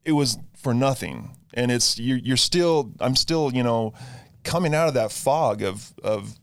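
A man's voice: mid-range voice, animated, no room sound, studio quality. A young man in casual conversation, talking earnestly about his recovery, often restarting his sentences. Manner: halting, many restarts, earnest. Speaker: guest sharing recovery story.

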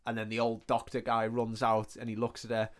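A man co-hosting a podcast, retelling a film's plot in a casual, animated way, full of swearing and "like" fillers. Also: medium pitch, brisk. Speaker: podcast co-host. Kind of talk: casual film recap chat.

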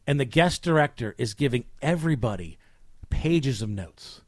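Lively man telling a story. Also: mid-range voice, normal speed, no room sound, clean studio sound. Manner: animated retelling with acted-out quotes. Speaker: podcast co-host. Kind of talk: casual storytelling chat.

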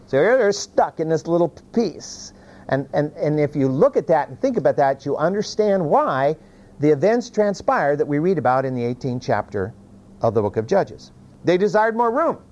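Lively, animated male Bible teacher. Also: fairly high pitch, normal speed, dull audio. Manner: animated storytelling with many restarts and folksy asides. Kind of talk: sermon.

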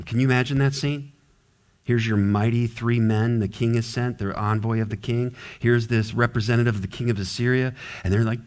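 A man pastor preaching an expository sermon, animated and acting out characters with varied voices. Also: medium pitch, brisk. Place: church sanctuary.

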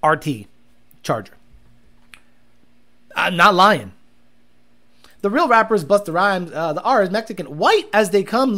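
A livestream host in casual chat, reading out viewer comments and telling stories with lots of laughter and swearing. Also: medium pitch. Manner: animated storytelling, frequent laughter, profane.

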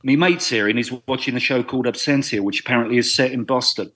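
A man's voice: medium pitch, fast talker, fairly bright tone, husky. A British man, a guest actor, chatting casually in a podcast interview and telling dry, self-deprecating stories. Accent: British English. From Britain.

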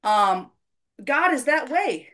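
A woman's voice: high-pitched, very animated, takes it slowly, fairly bright tone. A woman hosting a faith podcast, telling a personal church story in casual conversation, earnest and self-deprecating.

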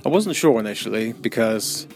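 A man speaks in a low, gravelly monotone, with a faint guitar underneath. His delivery stays flat throughout. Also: normal speed. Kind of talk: casual narration.

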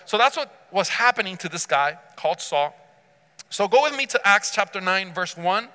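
A man's voice: sits high, expressive, normal speed, bright, forceful tone, in a large hall. A man preaching a sermon, telling a story with emphasis and acting out the quotes himself. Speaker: pastor.

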